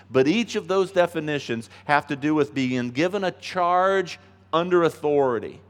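A man preaching a sermon as pastor, earnest and emphatic, dropping to soft asides and rising to loud stresses. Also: fairly high pitch. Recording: long hall reverb.

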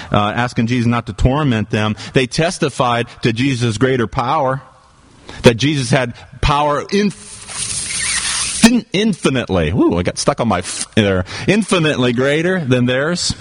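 Guy preaching at church, chatty and emphatic, normal mid voice. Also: mid-range voice. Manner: conversational, emphatic, self-deprecating asides. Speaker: pastor. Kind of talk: sermon.

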